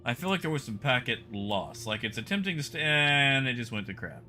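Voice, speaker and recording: A man's voice: medium pitch, expressive, brisk, pushed and bright, slight background noise. A man streaming a game live, chatting casually with his viewers by name while he plays.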